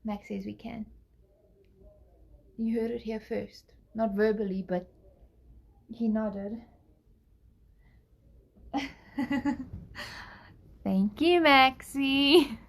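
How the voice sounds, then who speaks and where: A tired young woman reading a novel aloud on a live stream, breaking off now and then to chat and apologize. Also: medium pitch. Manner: apologetic, laid-back. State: tired, yawning. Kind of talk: live book reading with chatty asides.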